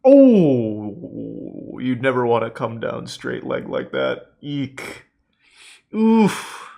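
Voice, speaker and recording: A man in his thirties giving casual, sarcastic commentary on video clips, with deadpan asides and sudden excited shouts. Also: mid-range voice, slow, creaky.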